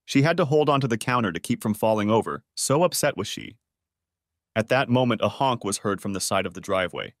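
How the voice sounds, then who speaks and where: A man reading a first-person story aloud in a steady, even manner. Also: lowish voice, fairly quick, dry recording, studio quality. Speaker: audiobook narrator.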